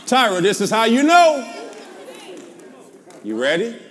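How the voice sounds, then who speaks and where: A man with a Southern American accent, a pastor preaching a sermon, calling out to the congregation and then dropping into low asides. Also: huge pitch swings, a little slow, big-room sound. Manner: call-and-response preaching, swings from shouting to low asides. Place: large church before a live congregation. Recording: live church with crowd and noise. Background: congregation responding.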